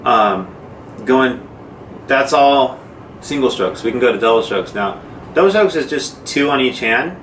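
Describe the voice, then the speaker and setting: A man's voice: medium pitch, animated, unhurried, fairly bright tone. A man teaching drum rudiments in a casual, informal way, talking through exercises with fillers as he demonstrates. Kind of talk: casual instructional talk. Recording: echoey room, mic far off, noisy.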